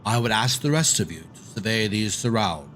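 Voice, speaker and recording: A man's voice: fairly low pitch, animated, brisk, fairly bright tone, a little hiss or hum. A man voicing a formal young male scholar ally, reading game dialogue aloud with archaic, formal phrasing. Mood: earnest.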